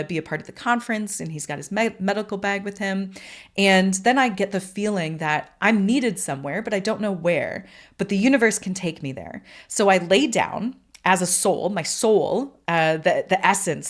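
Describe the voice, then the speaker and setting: A young woman hosting a podcast, telling a long story in a chatty, rambling way with many restarts, putting on a high bubbly voice for quoted lines. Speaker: podcast host. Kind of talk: storytelling monologue.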